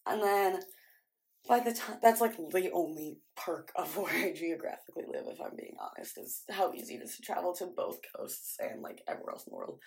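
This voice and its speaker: A woman's voice: on the low side, very animated, a little fast, creaky, husky. A young woman from the American Midwest talks straight to her camera in a casual vlog. Her chatter is scattered and full of "like" fillers. She sounds exasperated as she talks to herself. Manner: frequent "like" fillers. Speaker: vlogger.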